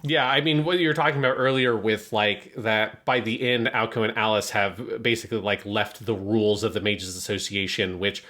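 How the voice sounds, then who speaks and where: Bright-voiced analytical man, casual chat. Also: on the low side, fairly even intonation, moderate pace, hardly any pauses. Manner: conversational, analytical, swears casually. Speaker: podcast co-host.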